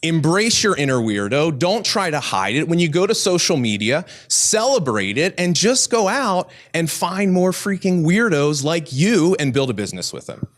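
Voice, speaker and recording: A man's voice: on the high side, big pitch swings, moderate pace, few pauses. A man speaking on a business panel, giving playful, teasing motivational advice and acting out bits of dialogue. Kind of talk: motivational speech.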